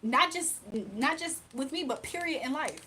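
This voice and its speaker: A woman's voice: sits high, expressive, normal speed, bright, forceful tone, a little hiss or hum. A woman, giving a casual, emphatic spiritual reading on a livestream. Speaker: spiritual reader.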